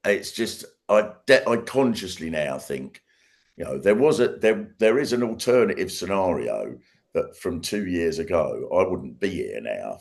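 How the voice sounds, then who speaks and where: A man, a guest, telling stories in casual chat, animated and laughing, with trailing restarts. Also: rumbling low, creaky.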